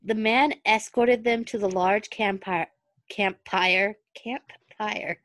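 A woman's voice: on the high side, steady tone, a little slow. A woman with a Southern US accent reads a fan story aloud in a casual, giggly way, often tripping over a word and rereading it. She is close to the mic, and the sound is dry with no room echo. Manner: giggly, stumbles and rereads words. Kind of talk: reading fan fiction aloud with chatty asides.

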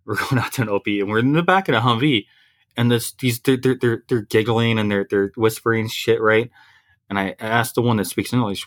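A man's voice: lowish voice, fairly quick. A man co-hosting a casual podcast, wry and joking, sometimes laughing as he talks. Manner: wry, laughs through his jokes. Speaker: podcast co-host. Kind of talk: casual chat.

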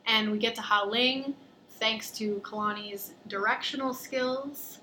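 A young adult woman hosting a podcast, telling a travel story in lively, casual chat full of fillers. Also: on the high side, unhurried, slight background noise. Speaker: podcast host.

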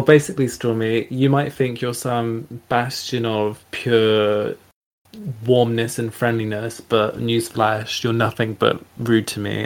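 A young man hosting a comedic podcast sketch, snippy, sarcastic and indignant as he bickers with his co-host. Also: medium pitch.

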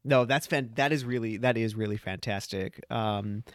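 A man's voice: fairly low pitch, moderate pace, no room sound, clean studio sound. A man co-hosting a podcast in casual chat, hesitant and searching for words. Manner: hesitant, lots of fillers and restarts. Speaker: podcast co-host.

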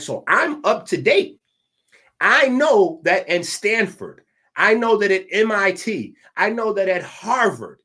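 A man from the Bronx, hosting a podcast and delivering a casual commentary monologue. He is animated and swings between loud and hushed, with frequent asides. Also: high voice. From the Bronx, New York. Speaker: podcast host.

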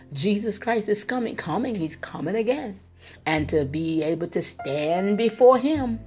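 A woman preaching a podcast sermon, insistent and repeating key words for emphasis, then leading a prayer. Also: on the low side.

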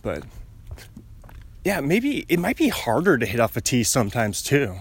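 A young vlogger strolls down a residential street, musing aloud to himself and drifting from one thought to the next with frequent chuckles. His mid-range voice swings hugely in pitch, moves at a moderate pace, and has a breathy edge.

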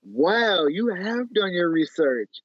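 A man from Chicago in his thirties, a photographer telling animated stories with lots of fillers in a casual interview. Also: sits high, slow pace, no echo. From Chicago, USA. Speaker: photographer guest. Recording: tinny phone-like line, dry.

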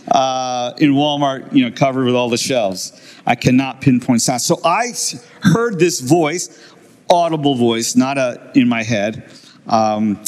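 An older man, a preacher, giving a sermon in a church, telling a personal story and acting out the other people's lines with laughter. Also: mid-range voice. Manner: storytelling, acts out quoted voices with laughs.

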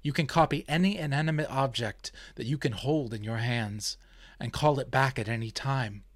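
Man doing a calm, gracious older woman handing down an heirloom, dry close sound. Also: mid-range voice, moderate pace, no echo, lightly acted. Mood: instructive. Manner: calm, instructive.

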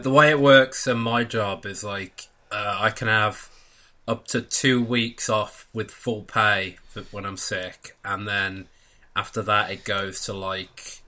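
A man's voice: on the low side, fairly even intonation, takes it slowly, pushed and bright. A man hosting a podcast, chatting in a rambling, talkative way and laughing easily. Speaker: podcast host. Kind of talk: casual chat.

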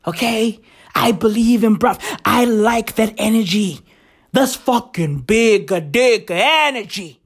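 A woman hosting a comedy podcast, ranting loudly with constant swearing and bursts of laughter. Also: medium pitch, breathy edge. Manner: profane, rowdy, loud and laughing. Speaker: podcast host.

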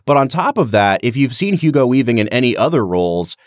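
A man co-hosting a podcast, chatting casually about a film in long, animated run-on thoughts. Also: medium pitch, brisk, no echo, clean studio sound. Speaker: podcast co-host.

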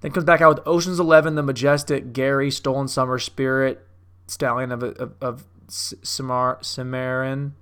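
A man's voice: medium pitch, level tone, moderate pace, fairly bright tone, clean tone. A young man riffing casually on movies, profane and self-mocking, like a comic doing a bit. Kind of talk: casual rambling commentary.

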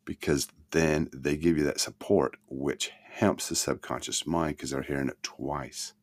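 A man teaching a self-help lesson in a motivational talk, swinging between loud emphasis and soft murmurs. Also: a bass voice, fairly even intonation, unhurried.

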